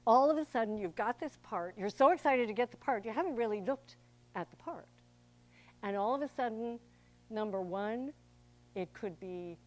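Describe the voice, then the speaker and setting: An older actress and director talks to an audience in a darkish, mid-range voice. The talk is conversational and theatrical, with quoted speech acted out in character.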